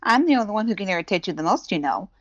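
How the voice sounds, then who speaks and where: A woman's voice: medium pitch, big pitch swings, racing, dry recording, muffled recording. A woman playing a cheeky teasing adventurer. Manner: cheeky, playful. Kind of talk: tabletop role-play.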